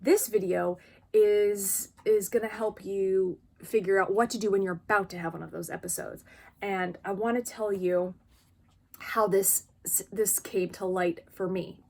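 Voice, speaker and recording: A woman's voice: mid-range voice, fairly even intonation, a little slow, gravelly, a little mellow. A woman vlogger talking frankly and expressively to camera about her own experience, in a casual personal style. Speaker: vlogger sharing lived experience.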